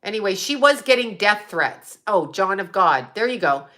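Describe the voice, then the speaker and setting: A woman's voice: medium pitch, big pitch swings, moderate pace, sharp tone. A woman hosting a show, ranting bluntly and profanely in an agitated, casual way. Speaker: host.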